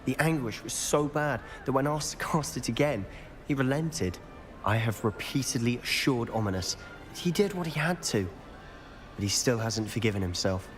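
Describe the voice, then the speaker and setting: An actor playing a young male wizard student who speaks in a measured, confiding, quietly persuasive way. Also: medium pitch, lively intonation, close to an everyday voice. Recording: game audio over a music bed.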